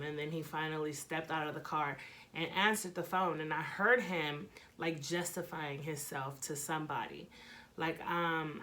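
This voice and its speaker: A young woman vlogger telling a dramatic personal story, animated and full of profanity. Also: low voice. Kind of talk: storytime vlog.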